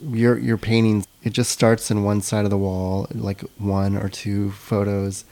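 Male podcast host, fairly low and mellow voice, casual, hedging, filler-heavy. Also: flat delivery, measured pace. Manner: casual, hesitant, many fillers. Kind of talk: podcast interview.

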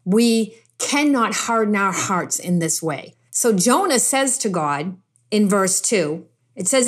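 Speaking slowly in an animated, mid-range voice, a woman delivers a conversational, emphatic sermon. She repeats phrases to drive points home and adds casual remarks between her scripture readings.

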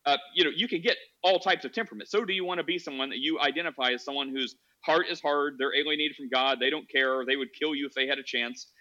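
This man's voice sits on the high side, bright and forceful, moving fast with hardly any pauses, and the highs are cut off. Hosting a casual Christian discussion podcast, he talks earnestly and acts out the voices of people in his examples.

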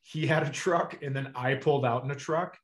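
A middle-aged man, a comedian, telling stories in a relaxed chat and acting out the dialogue. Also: mid-range voice, a little fast. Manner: animated storyteller acting out dialogue. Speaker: comedian guest. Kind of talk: casual storytelling chat.

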